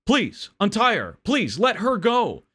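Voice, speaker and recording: A man's voice: high-pitched, wildly swooping pitch, unhurried, fairly bright tone, husky, voice pushed up, heavily acted. A man voicing a desperate husband begging a burglar in a joke. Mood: pleading. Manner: pleading, desperate. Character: frantic tied-up husband pleading.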